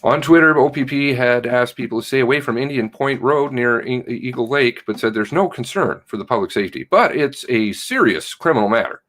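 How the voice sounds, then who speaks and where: A man's voice: medium pitch, brisk, few pauses, fairly bright tone. A man hosting a casual commentary livestream, greeting viewers from the chat by name and ranting with indignation. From Canada. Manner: indignant ranting, reads chat names aloud. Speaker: livestream host.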